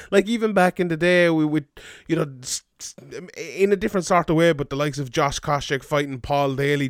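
An Irish man in his thirties hosting a relaxed podcast conversation. His voice sits a little high and comes through smooth and clear. The sound is dry and close, with easy swearing and frequent laughter. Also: no echo. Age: 30s. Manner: chatty, swears and laughs often. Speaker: podcast host. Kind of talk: casual podcast chat.

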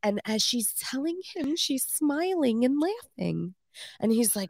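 Woman, podcast co-host, giggly, lively swooping voice, dry close sound. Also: on the high side, unhurried, creaky, no room sound. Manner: giggly, laughs often while talking. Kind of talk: casual chat.

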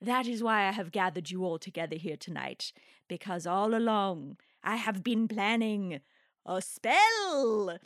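A woman's voice: medium pitch, very animated, unhurried, a bit bright, dry recording, clean studio sound. A woman doing a haughty, grandiose rich treasure hunter. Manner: theatrical, grandiose speech. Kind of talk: comic improvised monologue.

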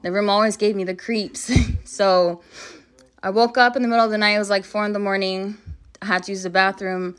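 A woman's voice: mid-range voice, steady tone, a little fast, a bit bright. A woman casually telling a creepy story from her childhood, rambling with lots of "like" and quoting her family. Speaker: guest storyteller.

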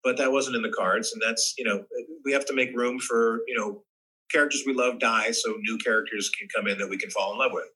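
Husky bright-voiced man telling stories. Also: mid-range voice, a little fast, poor audio. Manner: animated storyteller, many restarts, swears. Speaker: actor guest. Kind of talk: casual podcast chat.

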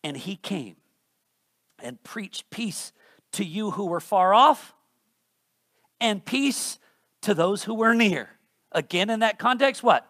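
A man preaching an expository sermon, reading scripture slowly and swinging from soft to loud for emphasis. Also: sits high, lively intonation, no room sound, studio quality. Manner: reads scripture aloud with slow emphasis.

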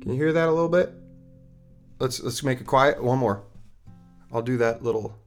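A man's voice: medium pitch, normal speed, faint music behind. A man hosting a solo podcast, rambling and restarting his sentences with lots of fillers. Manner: rambling, self-interrupting, with many fillers. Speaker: podcast host.

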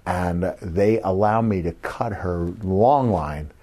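Middle-aged male podcast co-host, low voice, loose storyteller who does the voices of people he quotes. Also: takes it slowly, warm tone. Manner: rambling anecdotes with many uh fillers, acts out quoted voices. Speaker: podcast co-host, former wrestler. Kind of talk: casual storytelling chat.

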